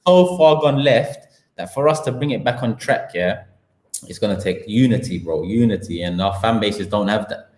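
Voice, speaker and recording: A man's voice: lowish voice, expressive, normal speed, darkish tone. A man with a London accent hosting a live football talk show, slangy and heated as he piles up his points. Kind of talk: live-stream football rant. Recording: echoey room.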